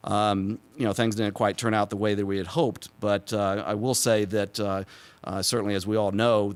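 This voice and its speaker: A man from Texas, in his forties, speaks at a public event in a fairly low voice. He tells anecdotes loosely, with plenty of ums and uhs, and laughs at his own jokes. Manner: self-deprecating, laughs at his own jokes, many fillers. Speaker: symposium speaker, former press secretary.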